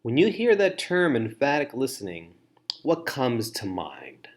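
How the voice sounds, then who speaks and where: A man's voice: mid-range voice, huge pitch swings, unhurried. A man giving a training lecture on listening to foster parents, repeating key phrases and acting out example remarks.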